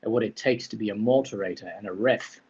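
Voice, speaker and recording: A male livestream host keeps the banter teasing and silly, hamming it up with a ridiculous accent. His voice is slightly husky. The stream audio sounds muffled and lo-fi. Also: fairly low pitch, fast talker, a little mellow. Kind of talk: playful livestream chat.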